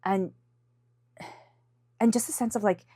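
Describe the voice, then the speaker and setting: A woman's voice: mid-range voice, steady tone, measured pace, dark tone, husky, no echo, clean studio sound. A woman giving an intuitive tarot reading in a casual, encouraging way, with lots of fillers and restarts, acting out inner voices in quotes. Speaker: tarot reader.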